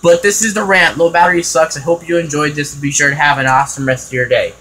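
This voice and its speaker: A man's voice: on the high side, steady tone, fast talker, bright, forceful tone, poor audio. A man ranting casually to his own vlog channel in an exasperated, repetitive way, full of "you know" fillers, recorded on a phone. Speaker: vlogger.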